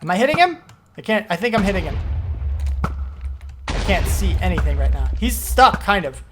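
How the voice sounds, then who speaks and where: A man commenting on his own gameplay as he plays, rambling through explanations and breaking into panicky, excitable outbursts. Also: high-pitched, normal speed, background noise. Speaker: gaming video host.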